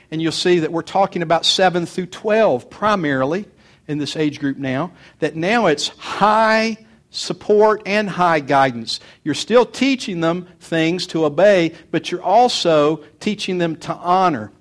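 Older preacher, slightly high voice. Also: male voice. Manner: storytelling, warm repetition for emphasis. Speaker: pastor. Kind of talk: sermon.

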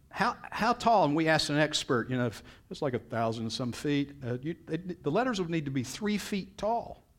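A man's voice: fairly high pitch, a bit bright. A middle-aged male pastor preaching a sermon in a storytelling way, his voice jumping up when he quotes people.

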